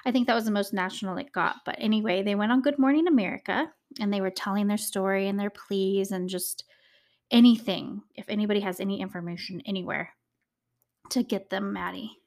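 Young woman true crime podcaster, chatty, says like a lot, mid pitch voice. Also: fast talker, a little mellow. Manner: chatty, uses "like" a lot, emotional asides. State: choked up, tearing. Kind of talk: casual storytelling.

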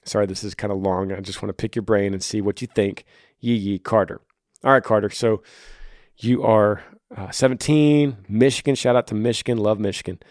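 A man's voice: on the low side, steady tone, fairly quick, a little mellow, dry recording, studio quality. A man with a tired voice, hosting a podcast and answering listener emails in casual, earnest advice talk that sometimes drops almost to a whisper. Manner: earnest, pleading, drops to near-whisper when pressing.

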